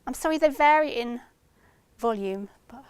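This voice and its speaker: A woman lecturing an audience in a clear, smooth and fairly high voice, recorded close and dry. She explains with example after example, lifting her voice when she imitates what parents say. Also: animated, moderate pace, a little mellow, dry recording. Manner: explanatory, gives examples and acts out parents' lines in a lifted voice. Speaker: university researcher giving a talk. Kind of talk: lecture to practitioners.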